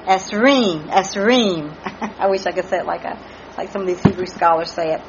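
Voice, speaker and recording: A woman's voice: lowish voice, flat delivery, quick pace, creaky, background noise. A woman teaching a Bible study, earnestly spelling out Hebrew words letter by letter. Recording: muffled lo-fi recording with faint background ambience.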